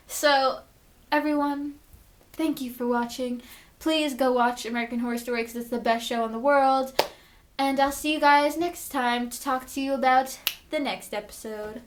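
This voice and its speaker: Excitable young woman recapping a TV episode. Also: high voice, normal speed, a little hiss or hum. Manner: chatty, excitable, swears, acts out quotes. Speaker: vlogger.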